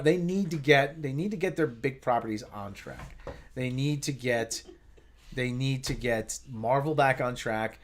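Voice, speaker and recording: A man hosting a casual livestream chat, rambling with many restarts and asides. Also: medium pitch. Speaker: livestream host.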